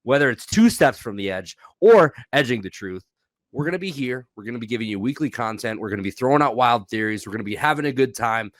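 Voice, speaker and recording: A man's voice: mid-range voice, animated, fast, dry recording. A man co-hosting a casual podcast, swearing freely, joking and hyping up the audience. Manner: profane, jokey, hypes the audience. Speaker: podcast co-host.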